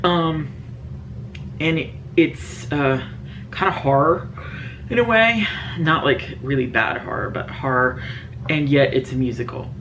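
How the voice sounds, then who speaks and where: A woman's voice: sits low, a little slow, long pauses, fairly bright tone, a little hiss or hum. Rambling woman beauty vlogger. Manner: rambling, lots of fillers. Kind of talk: casual Q&A chat to camera.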